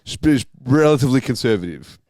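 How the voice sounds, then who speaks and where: A man co-hosting a podcast, telling stories in a casual, animated way. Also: quick pace, no echo, studio quality. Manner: animated storytelling, mimics his mum in a higher voice. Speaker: podcast co-host. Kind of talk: casual chat.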